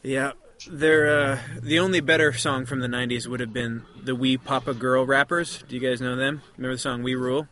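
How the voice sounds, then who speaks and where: A man's voice: mid-range voice, fairly even intonation, brisk, bright, forceful tone, slight background noise. A man hosting a podcast, teasing his co-hosts in a playful, casual chat. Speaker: podcast host.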